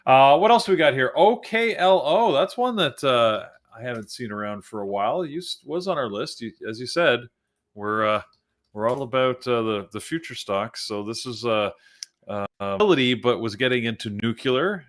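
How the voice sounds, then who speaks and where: A man's voice: medium pitch, normal speed. Male trading-show host, casual live commentary, mid-range voice, chatty and unscripted. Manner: relaxed, thinking aloud with fillers.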